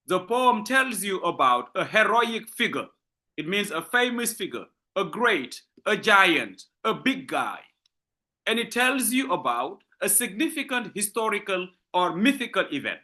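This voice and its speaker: A man's voice: sits high, bright, forceful tone. A man giving a university literature lecture, explaining step by step, repeating key points and asking and answering his own questions.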